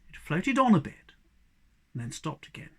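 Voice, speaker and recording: A reader giving an expressive storybook reading aloud. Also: medium pitch, normal speed. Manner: expressive, varied delivery.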